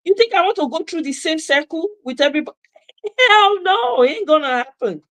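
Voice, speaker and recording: High-voiced Nigerian woman ranting. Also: animated, brisk, a bit bright, dry recording. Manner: emphatic, mixing Pidgin asides and repetition. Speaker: commentator. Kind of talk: passionate monologue.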